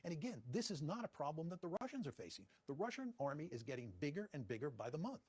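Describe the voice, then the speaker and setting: A man, a professor being interviewed, giving measured, deliberate answers and repeating his key points. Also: fairly high pitch, very animated, a little mellow, husky, no room sound. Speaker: guest professor.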